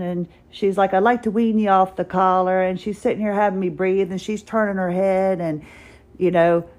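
A woman talking casually into her podcast mic, telling a long personal story. She acts out both sides of each conversation with a dry, wry humor and keeps a middle pitch. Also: a little mellow. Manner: chatty, wry, retells dialogue with "I said". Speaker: podcast host. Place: at home, doing exercises while talking.

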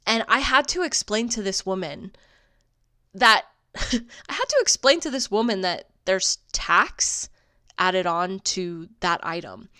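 A woman's voice: medium pitch, expressive, takes it slowly, pushed and bright, clear, resonant tone. A woman hosting a solo podcast, telling stories in a casual, profane, sarcastic way and laughing often. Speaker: podcast host.

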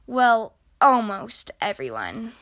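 A woman reads a children's storybook aloud, lively and expressive. Her voice is bright and a little high, recorded close and dry. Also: slow, no room sound. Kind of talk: reading a picture book aloud.

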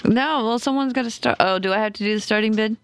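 A woman's voice: a little high, fast, vocal fry, a little hiss or hum. A woman hosting a live stream, chatting casually and reading chat messages aloud. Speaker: stream host.

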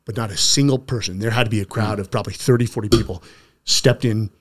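A man's voice: lowish voice, quick pace. A middle-aged man hosting a conversational interview, speaking earnestly and often stopping to restart his sentences. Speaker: podcast host.

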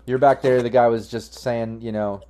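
A man narrating a tabletop game as game master. He talks casually and with profanity, stopping and restarting as he thinks, in a mid-pitched voice. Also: fairly even intonation, normal speed, mellow.

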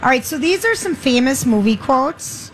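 A woman's voice: high-pitched, animated, moderate pace. A woman co-hosting a casual chat show, playful and self-mocking as she runs a game. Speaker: co-host.

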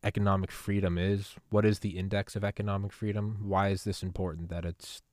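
A male podcast host with a very low voice chats with his guest in a loose, slangy, enthusiastic way. The sound is dry and close, with no room in it. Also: flat delivery, a little fast, a little mellow, dry recording. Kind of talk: casual interview chat.

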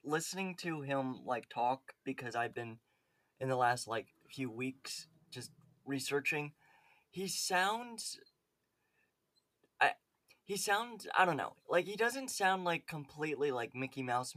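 A man's voice: mid-range voice, animated, a little slow, a bit bright, dry recording. A man co-hosting a podcast in casual chat, rambling with lots of "like" and "um". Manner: rambling, filler-heavy with many "like"s. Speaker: podcast co-host.

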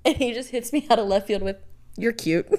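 A woman's voice: on the high side, brisk, darkish tone, a little hiss or hum. A young woman co-hosting a podcast, retelling a dating story by reading out text messages, often laughing. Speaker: podcast co-host. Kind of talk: casual chat, retelling a date story.

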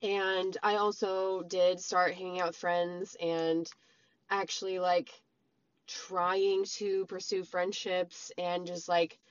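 A woman's voice: on the low side, level tone, takes it slowly, dry recording. A woman casually telling her own story straight to her viewers, rambling, with many "like" and "um" fillers. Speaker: storyteller recounting a relationship. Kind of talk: casual personal storytelling to camera. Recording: slightly dull lo-fi sound.

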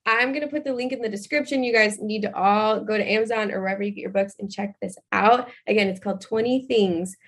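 A woman's voice: mid-range voice, fast talker, few pauses, fairly bright tone. A woman in her twenties hosting a casual interview in a bubbly manner. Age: 20s. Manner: bubbly, laughs often. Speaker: host.

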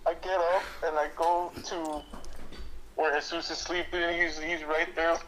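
A man's voice: on the high side, level tone, measured pace, a bit bright. A man in casual podcast chat, telling an embarrassing story, swearing freely and laughing a lot. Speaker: podcast guest. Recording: noisy podcast recording.

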